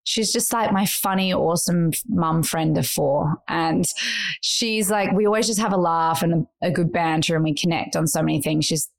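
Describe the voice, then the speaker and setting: A woman's voice: lowish voice, normal speed, gravelly. A woman co-hosting a podcast in casual chat, telling emotional, rambling stories. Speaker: podcast co-host. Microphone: remote recording with podcast equipment.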